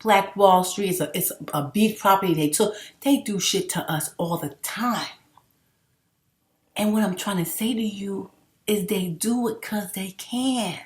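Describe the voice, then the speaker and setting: A woman's voice: medium pitch, a little slow. A middle-aged woman vlogging in a casual, rambling monologue, emphatic and full of swearing. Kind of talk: casual unscripted monologue to camera. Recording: roomy echo.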